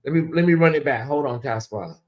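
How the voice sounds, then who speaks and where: A man hosting a casual live-stream commentary, chatty and animated, often calling out to viewers. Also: medium pitch, a little fast, lo-fi sound. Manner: animated, chatty, laughs and addresses viewers as y'all. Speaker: commentary channel host.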